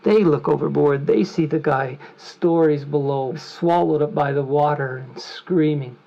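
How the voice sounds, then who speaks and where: A man's voice: a little high, a little slow, creaky, dark tone. A man telling a vivid, conversational story as a trainer in a lecture. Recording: muffled lo-fi recording.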